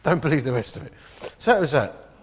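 A man's voice: on the high side, fast, slight background noise. A man preaching in a storytelling sermon style, full of comic asides. His voice carries a long reverb, as though recorded in a large hall. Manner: animated anecdotal, comic asides. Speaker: pastor. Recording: echoey hall.

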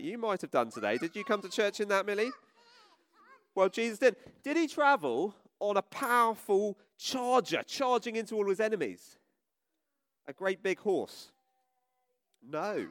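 Male preacher, all-age sermon, high bouncy voice, dry close sound. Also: no echo. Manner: animated, addressing children with questions. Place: church.

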